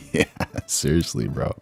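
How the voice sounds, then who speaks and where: A man's voice: deep voice, gravelly, a little mellow, slightly rough. A man hosting a live reaction stream, talking in a laid-back, rambling, slangy way into a streaming mic. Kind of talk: casual live-stream commentary.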